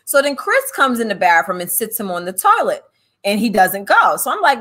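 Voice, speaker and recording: A woman with a slightly high-pitched voice hosts a casual podcast chat. She tells stories with lots of energy and acts out the quotes as she goes. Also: a little fast, husky. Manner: animated, laughing, acts out quotes. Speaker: podcast host and author.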